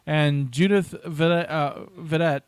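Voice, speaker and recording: A man's voice: a little high, steady tone, measured pace, clean tone, no echo. A man co-hosting a casual movie podcast, reading out trivia in a chatty way, restarting his sentences and laughing at his own asides.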